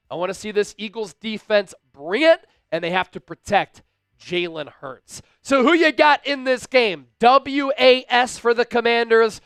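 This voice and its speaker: This sports livestream host on a fan channel has a high-pitched, slightly bright voice that sounds clear and resonant in a dry recording. Reading super chats aloud with plenty of hype, he analyzes the football game and gives shout-outs to his chat.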